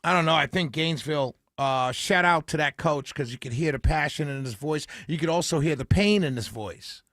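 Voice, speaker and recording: Brisk and high-pitched, this man hosts talk radio from a studio mic, voicing strong opinions emphatically while reasoning out loud. The recording is dry and close.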